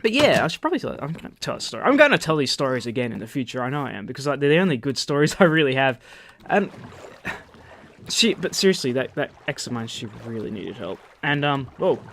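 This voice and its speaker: A man with an Australian accent telling rambling, animated stories while commentating his gameplay, swearing freely. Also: mid-range voice, fast, a little hiss or hum. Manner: rambling, animated anecdotes with profanity. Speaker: gaming channel host. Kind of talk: storytelling over gameplay commentary.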